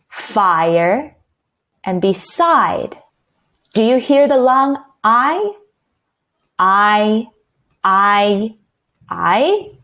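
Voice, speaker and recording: A woman teaching a children's phonics lesson, speaking clearly and repeating each sound several times. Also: mid-range voice.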